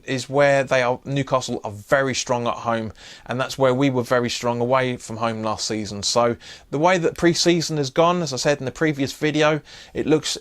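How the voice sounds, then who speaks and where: A man hosts a casual football preview vlog at a middle pitch. He talks in a loose, chatty way and often restarts his sentences with fillers. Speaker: host.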